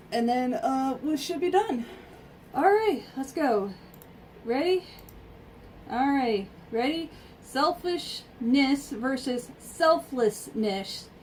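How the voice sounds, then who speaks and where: A woman vlogger talks her way through a makeup session in a relaxed, chatty way. Her voice sits high and she sounds a little far from the mic. A faint hum of room noise hangs behind her. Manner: chatty, talks to herself while working. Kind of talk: casual chat while doing makeup.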